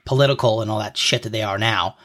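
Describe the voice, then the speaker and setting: A man's voice: on the low side, fast talker, fairly bright tone. A man in his thirties co-hosting a casual podcast, explaining slang in a playful mock-lesson way, close to the mic. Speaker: podcast co-host quizzing his partner.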